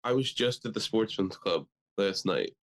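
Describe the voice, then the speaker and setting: A man's voice: lowish voice, normal speed. Young male co-host, loose and profane, joking chat. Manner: profane, animated, jokey. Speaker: podcast co-host. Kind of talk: casual chat.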